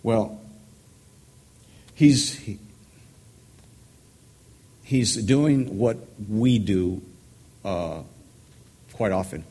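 Male pastor, earnest and thoughtful, teaching a Bible study at an unhurried pace in a low voice. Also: animated, warm tone, breathy edge. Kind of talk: sermon teaching.

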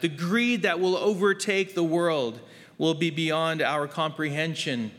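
High-voiced man teaching scripture in a hall. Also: a little slow, a bit bright. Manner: earnest, emphatic, with frequent fillers. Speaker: preacher. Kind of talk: verse-by-verse Bible teaching.

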